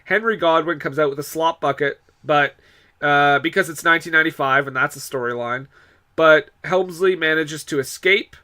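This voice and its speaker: Bright-voiced man recapping sarcastically. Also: on the high side, normal speed. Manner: sarcastic, recapping events with laughs. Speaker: podcast host. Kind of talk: casual chat.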